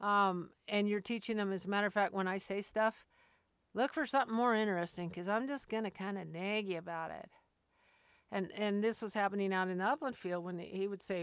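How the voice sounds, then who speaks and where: A woman dog trainer giving casual, plainspoken advice, acting out owners and dogs in quick quoted voices and laughing now and then. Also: mid-range voice, smooth, dry recording. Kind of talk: casual instructional talk.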